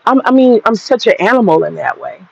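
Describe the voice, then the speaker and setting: A woman's voice: on the high side, lively intonation, fast, creaky, darkish tone, husky, muffled recording. A woman in her forties telling a personal story straight to viewers, blunt and profane, laughing through it. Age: 40s. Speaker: vlogger.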